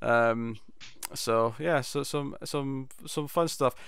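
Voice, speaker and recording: A man's voice: mid-range voice, takes it slowly, creaky, fairly bright tone, smooth, no echo, studio quality. A man co-hosting a podcast, recapping a TV episode in a rambling, amused way. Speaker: podcast co-host. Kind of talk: casual TV review chat.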